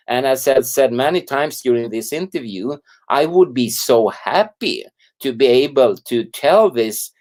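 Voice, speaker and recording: A man's voice: mid-range voice, a little mellow. An older man from Sweden speaks English as an interview guest, his first language being Swedish. His voice sits in a middle register, and he tells his stories earnestly, livening up when he quotes other people. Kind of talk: storytelling in an interview.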